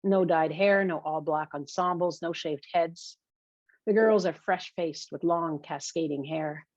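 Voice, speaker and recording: Reading a first-person novel in a wry, confessional manner, this female audiobook narrator has a low voice and a slightly slow pace. The recording is dry, dull, muffled and lo-fi.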